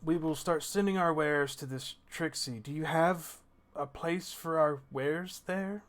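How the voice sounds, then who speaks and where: A man voicing an old male dwarf king who is fond of drink, speaking slowly and grandly. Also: a little high, close to an everyday voice. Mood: mellow.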